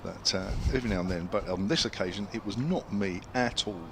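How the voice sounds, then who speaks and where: Low-voiced male cricket commentator. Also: brisk, background noise. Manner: chatty, chiming in with asides to his co-commentator. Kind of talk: live sports commentary. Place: commentary position at an outdoor cricket ground.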